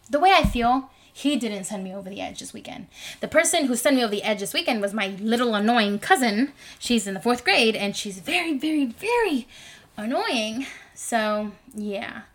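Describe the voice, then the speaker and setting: Rambling, animated young woman podcaster. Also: mid-range voice. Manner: rambling, animated, lots of fillers. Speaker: podcast host. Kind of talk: casual podcast monologue.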